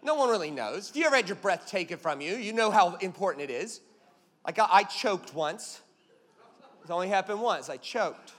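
A man's voice: sits high, lively intonation, moderate pace, a bit bright, long reverb tail. A man preaching a sermon as a pastor, emphatic and punchy, telling stories with jokes.

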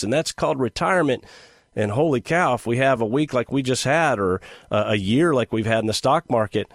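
Man, middle-aged, podcast host, sarcastic, animated, dry close sound. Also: medium pitch, moderate pace, no room sound. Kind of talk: casual monologue.

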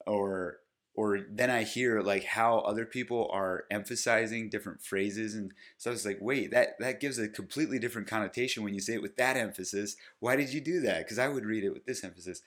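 Low-voiced man talking through his book. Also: fairly bright tone. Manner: conversational, thinking aloud with frequent restarts. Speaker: podcast host and author. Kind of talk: casual solo podcast talk.

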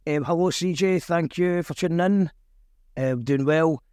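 A man's voice: fairly high pitch, a little slow, a little mellow, clean tone, no room sound, clean studio sound. A Scottish man hosting a casual chat show, interviewing a guest and reading viewer comments aloud. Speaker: podcast host.

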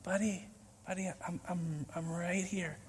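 A man voicing Jesus as a gentle, patient man who speaks softly and slowly to reassure. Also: sits high, steady tone, slightly rough, pitched below the performer's own voice. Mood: soothing. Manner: hushed, tender, slow reassurance. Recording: echoey hall with long reverb.

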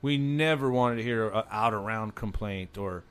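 A man chatting as a guest, telling lively workplace stories and acting out what people said, with many restarts. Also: on the low side, moderate pace, clean tone. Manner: animated, acts out quoted dialogue, many restarts. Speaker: guest, former wheel salesman. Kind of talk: casual storytelling chat.

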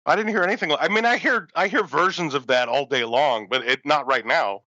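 A man chatting casually with deadpan, sarcastic jokes over a remote call. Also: on the high side, fairly quick, no echo, dull audio. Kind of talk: casual podcast chat.

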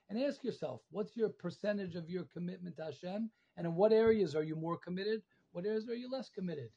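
A man teaching a Torah class to alumni over a video call, emphatic and repetitive, pleading as he rises in pitch and volume. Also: a little fast, hardly any pauses, warm tone, slightly rough. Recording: dull lo-fi call audio.

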